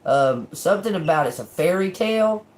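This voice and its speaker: A woman's voice: fairly low pitch, lively intonation, moderate pace, darkish tone, natural voice. A woman mimicking a dismissive woman commenter who talks in a hesitant way, full of fillers.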